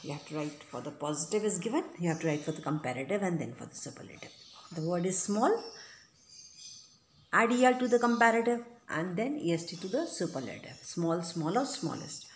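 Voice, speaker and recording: A woman's voice: fairly low pitch, very animated, brisk, reverberant, slight background noise. A woman teaching an English grammar lesson, explaining rules patiently and checking in often with the listener. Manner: patient, repetitive, checks in with "right?" and "okay?".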